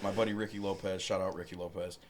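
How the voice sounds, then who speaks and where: A man in casual podcast chat, a profane, animated storyteller. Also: low-pitched, quick pace, a crowd in the background.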